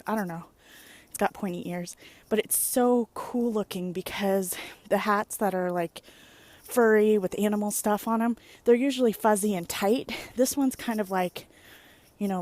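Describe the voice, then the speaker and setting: Young woman, casual vlogger, rambling and chatty. Animated storyteller, recorded close on a phone. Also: mid-range voice. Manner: rambling, animated storytelling with many "like"s and playful exclamations. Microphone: phone or webcam at arm's length.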